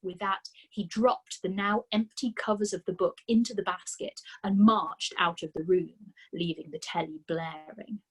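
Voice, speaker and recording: A woman reading a children's story aloud for a storytime, expressive with dramatic pauses. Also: mid-range voice, husky.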